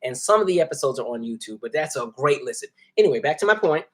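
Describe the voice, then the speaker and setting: A man hosting a casual live stream, reading viewer comments and talking freely, animated and laughing often. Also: a little high, fast. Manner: animated, laughs often, jumps between soft asides and loud bursts. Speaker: host.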